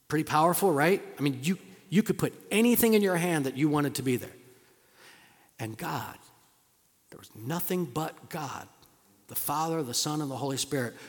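A man preaching a sermon, shifting between loud questions and hushed, low lines with long pauses. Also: long reverb tail. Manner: slow, drawn-out delivery with dramatic pauses. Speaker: pastor.

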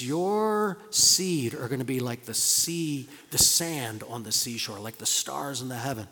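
A man preaching a sermon, shifting between loud questions and hushed, low lines with long pauses. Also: lively intonation, long reverb tail. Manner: slow, drawn-out delivery with dramatic pauses. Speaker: pastor.

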